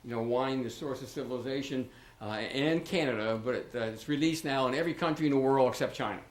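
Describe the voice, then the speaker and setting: Talking quickly in a medium-pitched voice, an older man who writes locally gives casual remarks at a township meeting. He rambles and chats, restarting often and drifting into asides, recorded in an echoey meeting room.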